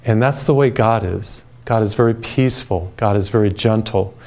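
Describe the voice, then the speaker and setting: A man preaching a televised sermon in a calm, gentle, soothing way, telling personal stories. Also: on the low side, normal speed. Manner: storytelling with personal anecdotes.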